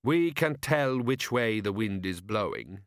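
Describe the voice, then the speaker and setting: A man reading an audiobook, voicing a calm older immigrant father who speaks in a formal, measured way. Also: mid-range voice, dry recording, studio quality, lightly acted. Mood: grave.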